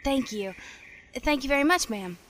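A woman's voice: high voice, expressive, normal speed, very noisy. A young woman playing a polite door-to-door church missionary in an audio drama. She speaks with courtesy and says ma'am often.

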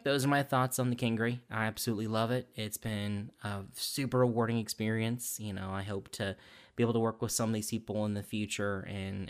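A man's voice: fairly low pitch, a bit bright. A man who voices a role in an audio drama, giving a casual recorded testimonial. He talks with enthusiasm, rambling with many fillers.

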